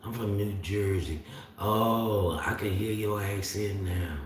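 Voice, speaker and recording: A man's voice: lowish voice, slow. A man from Florida with a Southern accent, rambling in casual livestream chat and answering viewers' comments. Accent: Southern US (north Florida). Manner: rambling, drawling, talks back to chat. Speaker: livestream host. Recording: very echoey room, distant mic.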